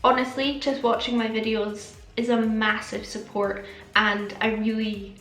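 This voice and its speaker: A young Scottish woman chatting to her viewers with a slight lisp and a fairly high voice. Her voice rings around a roomy space, with faint music playing underneath. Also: little pitch movement, unhurried, fairly bright tone. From Scotland. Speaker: beauty vlogger. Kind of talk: casual chat to camera.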